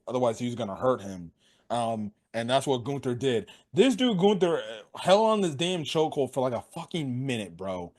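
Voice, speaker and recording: A young man giving a casual, excitable wrestling recap, full of slang and constant swearing. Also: on the high side. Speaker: wrestling show reviewer.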